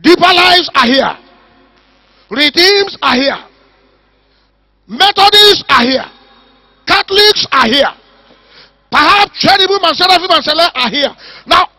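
A man preaching a fiery sermon at a church service, shouting and stretching out his repeated words. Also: extremely high pitch, dry recording. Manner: shouting, emphatic, drawn-out repetitions. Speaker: pastor.

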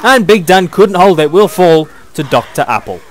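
A young British man doing excitable play-by-play commentary on a video game match, chuckling often. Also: high voice, moderate pace, slight background noise.

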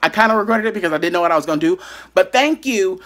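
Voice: medium pitch, lively intonation, racing, fairly bright tone. A YouTuber telling a dramatic story from their bedroom, with lots of asides to the viewers. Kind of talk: storytime vlog.

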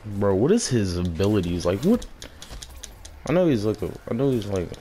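A man giving casual, excitable commentary while playing a video game, shouting at the monster he is fighting and exclaiming often. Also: fairly low pitch, normal speed, slight background noise. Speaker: gaming streamer.

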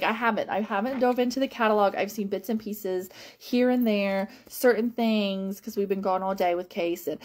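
A woman who works as a home-fragrance consultant, talking casually to viewers in a rambling, animated way with lots of fillers and repeated phrases. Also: medium pitch. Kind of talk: casual live-stream chat to viewers.

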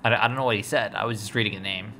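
A man's voice: on the low side, racing. A man giving casual, rambling commentary while playing a strategy game, stumbling over words and talking at the screen. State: sleepy, yawning. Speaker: let's play gamer. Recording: steady background noise.

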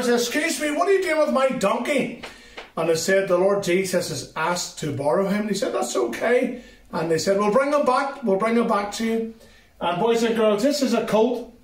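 A man who is a children's ministry speaker, giving an assembly talk and telling a story straight to the children. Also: high-pitched. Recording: roomy sound from a distant mic.

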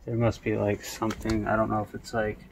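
A man's voice: on the low side, monotone, fairly quick, creaky, a little hiss or hum. A man on a ghost hunt outdoors, calling out to spirits and puzzling over a device. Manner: calls out to spirits, puzzled musing. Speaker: paranormal investigator host. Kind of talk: casual ghost-hunting chat.

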